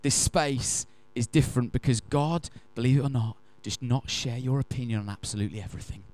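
A man's voice: mid-range voice, dry recording. Emphatic storytelling male preacher. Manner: animated, emphatic storyteller who acts out quotes; slows down to stress key phrases. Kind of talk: sermon with storytelling.

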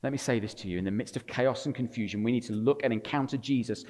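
A male preacher delivers his sermon in a church, his medium-pitched voice trailing a long reverb through the large room. He moves from loud, emphatic declarations to hushed, intimate storytelling, with the occasional wry aside to the congregation. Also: fast talker, few pauses. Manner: swings between loud emphatic passages and quiet intimate storytelling.

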